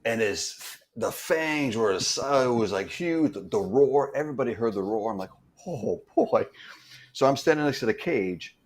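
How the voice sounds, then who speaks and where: A middle-aged man spins a casual, rambling tale as an interview guest, tripping over and repeating his words. His voice sits at an ordinary middle pitch. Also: animated, normal speed, few pauses. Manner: rambling, repeats words, acts out quoted dialogue. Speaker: stunt performer guest. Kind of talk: casual anecdotal storytelling.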